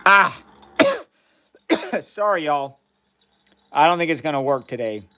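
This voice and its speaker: A man's voice: fairly high pitch, expressive, slow pace, bright, forceful tone, clear, resonant tone. A man on a live science stream, chatting casually as he runs experiments in a chemistry lab and greets viewers by name.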